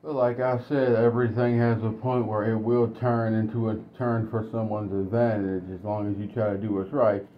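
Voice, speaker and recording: Blunt low-voiced man telling stories. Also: flat delivery, normal speed, hardly any pauses. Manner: blunt, conversational. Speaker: commentator. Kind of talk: casual storytelling monologue. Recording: dull lo-fi recording.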